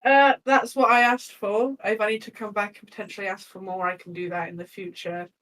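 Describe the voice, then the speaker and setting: A woman's voice: mid-range voice, steady tone, fairly quick, a bit bright, distant mic, poor audio. A woman playing a tabletop game, chatty and laughing, swearing now and then as she talks through her character's actions. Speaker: player.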